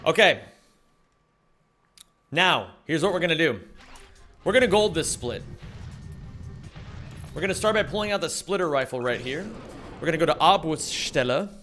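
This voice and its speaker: A young man runs a game live and chats casually with his viewers. His voice sits slightly high and swings up and down, and he swears as he coaches himself through the run. Faint music plays behind him. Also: lively intonation, moderate pace, pauses often, a bit bright. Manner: profane, self-coaching, chatty with viewers. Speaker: streamer. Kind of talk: casual livestream chat while speedrunning.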